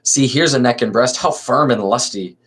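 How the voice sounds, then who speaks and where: A man's voice: mid-range voice, moderate pace, a bit bright, breathy edge, voice pushed up. A man voicing a bold young woman who rallies her friends, read aloud in earnest, stagey verse. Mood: greeting. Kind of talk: amateur play reading.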